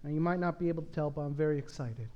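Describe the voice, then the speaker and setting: A male pastor preaching a sermon in a church, moving from hushed prayer to loud, emphatic exhortation. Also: a little high, very fast, highs cut off. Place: church sanctuary.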